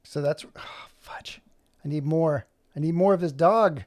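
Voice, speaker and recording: Working on animation during a live stream, this forties-aged man chats loosely, cracking jokes and talking to himself. He sounds fairly high-pitched and a bit mellow, unhurried, with clean, dry studio audio.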